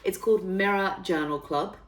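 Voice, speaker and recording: A woman's voice: medium pitch, moderate pace. A woman of thirty with a northern English accent, chatting to camera in a bubbly way, full of fillers. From northern England. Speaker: fitness trainer and YouTuber. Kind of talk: casual vlog talk to camera.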